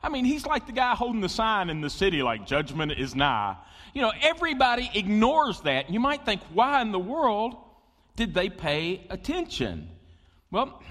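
Male pastor, conversational sermon, long hall reverb. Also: extremely high pitch. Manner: animated, conversational, with asides and jokes to the congregation.

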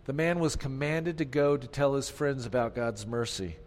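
Pastor preaching in a reverberant hall. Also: male voice, medium pitch, moderate pace, few pauses. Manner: preaching, swings from hushed to loud and emphatic; repeats key phrases and calls for congregation responses. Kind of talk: sermon. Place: church sanctuary.

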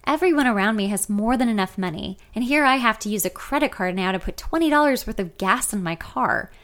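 A woman's voice: mid-range voice, animated, fairly quick, fairly bright tone. A woman in her thirties reading her own memoir aloud in the first person, candid and conversational. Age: 30s. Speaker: author narrating her memoir.

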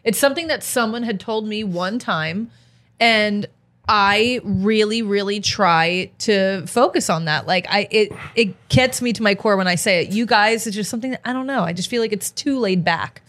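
A woman's voice: mid-range voice, moderate pace, a bit bright. A woman with a Texan accent, a restaurant server chatting casually, full of "like" and "you know". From Texas. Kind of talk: casual chat.

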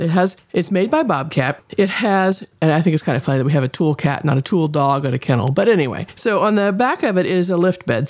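A woman's voice: a little mellow, no room sound. A middle-aged woman talking casually and rambling in a folksy way, hosting her own show. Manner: rambling, folksy, drifts in pitch and pace. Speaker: podcast host and kennel owner. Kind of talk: casual monologue.

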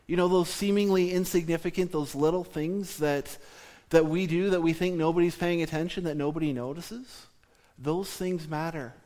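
A man from southern Ontario delivers a sermon in a measured, explanatory way. His voice sits a little high for a man, and he slows down to press home his main points. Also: steady tone, a little mellow. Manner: measured teaching tone, slowing for emphasis. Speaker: preacher.

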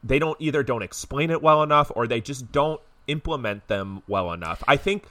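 A man's voice: medium pitch, animated, normal speed, pushed and bright, no room sound. A man co-hosting a podcast, chatting casually and hedging with fillers. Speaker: podcast co-host. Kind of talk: casual chat.

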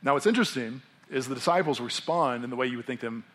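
A man's voice: mid-range voice, fast. A young adult man, a pastor preaching a sermon in a casual, conversational way, acting out the people in his story. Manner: animated, conversational, acts out characters.

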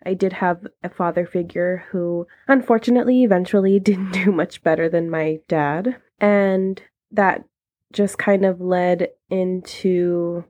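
A woman's voice: fairly low pitch, steady tone, unhurried, mellow. A woman of thirty, hosting a casual solo podcast and speaking candidly and chattily with frequent laughs. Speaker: podcast host.

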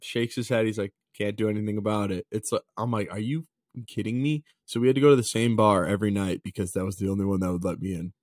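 A man's voice: on the low side, steady tone, fast talker, few pauses, darkish tone, no room sound, studio quality. A man in his twenties co-hosting a podcast, laid-back and casual, swearing freely and often saying dude. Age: 20s. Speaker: podcast co-host. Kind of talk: casual chat.

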